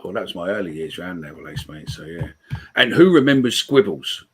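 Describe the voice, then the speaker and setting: A man's voice: low voice, big pitch swings, brisk, a little hiss or hum. A man, hosting a live call-in podcast, swearing freely as he reads out comments. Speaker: podcast host.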